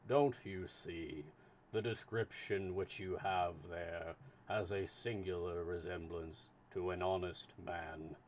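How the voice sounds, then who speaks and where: Casting: man doing an unhurried, low-voiced storybook official. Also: fairly even intonation, a little hiss or hum. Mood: patient. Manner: slow, low and measured. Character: calm, patient official consul, man. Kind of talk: live reading of a classic novel.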